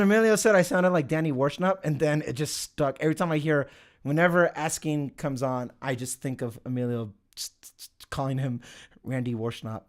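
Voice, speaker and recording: A young man with a medium-pitched voice and moderate pace hosts a casual livestream. He reads out the chat, rambles on, swears and laughs a lot as he talks to viewers.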